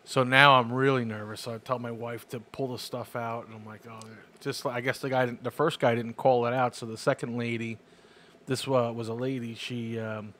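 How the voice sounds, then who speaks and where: A man's voice: mid-range voice, flat delivery, normal speed, bright, forceful tone, slight background noise. A man co-hosting a casual chat, telling a story in an easygoing, rambling way. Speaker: podcast co-host.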